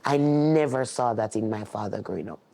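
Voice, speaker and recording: Acting as a sign language interpreter, a man voices a deaf guest's words in the first person. His mellow, warm, medium-pitched voice carries an earnest, steady, reflective tone, delivered briskly with some vocal fry.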